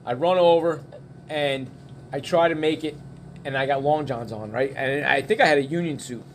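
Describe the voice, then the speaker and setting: Profane, animated middle-aged man storyteller. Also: a little high, moderate pace, slight background noise. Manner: animated, profane, acts out quotes. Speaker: bar patron telling a story. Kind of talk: casual storytelling. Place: bar.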